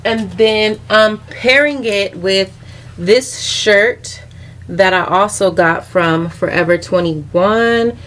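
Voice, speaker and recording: A woman's voice: mid-range voice, a little hiss or hum. A young woman with a Southern US accent chatting casually to her viewers in a vlog, sassy and talkative, calling them y'all and honey. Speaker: vlogger. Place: home closet.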